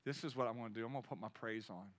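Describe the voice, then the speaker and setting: A man in his fifties preaching a sermon with energy, swinging between loud exhortation and quiet storytelling. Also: mid-range voice, very fast. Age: 50s. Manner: energetic preaching, rising loud then dropping to soft storytelling. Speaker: pastor.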